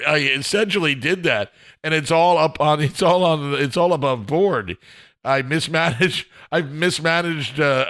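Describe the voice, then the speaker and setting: Bright-voiced man rambling with chuckles. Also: a little high. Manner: self-deprecating, chuckles often, trails off and restarts. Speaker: podcast host. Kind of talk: rambling solo podcast chat. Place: home, indoors.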